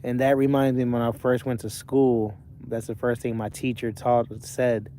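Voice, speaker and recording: A man's voice: medium pitch, little pitch movement, moderate pace, warm tone, slight background noise. A young man livestreaming from his parked truck cab, rambling casually while reading out viewer comments. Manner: rambling, chatty, self-correcting.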